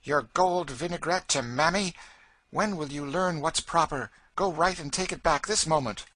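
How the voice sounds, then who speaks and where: A man's voice: medium pitch, lively intonation, unhurried, pushed and bright, slight background noise, pitched above the performer's own voice. A man voicing a fussy, peevish lady of the house who speaks in a prim, complaining way.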